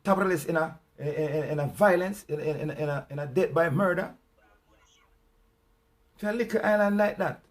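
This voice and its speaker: A Jamaican man plays out a pretend phone call in patois, needling and sarcastic. His voice sits high, and he stumbles over repeated words as he pushes his point. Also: moderate pace, long pauses. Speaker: host.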